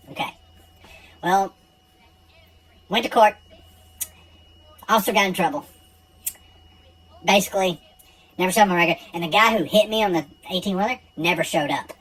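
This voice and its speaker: A man's voice: high-pitched, normal speed, long pauses, a bit bright, husky, rough recording. A man telling a true personal story in a casual, blunt and profane way.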